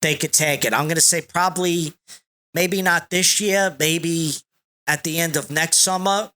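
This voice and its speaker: A man speaking as a podcast guest, slow and deliberate, relaxed and rambling in casual conversation. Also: a little high. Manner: slow and deliberate, reciting a long list of names.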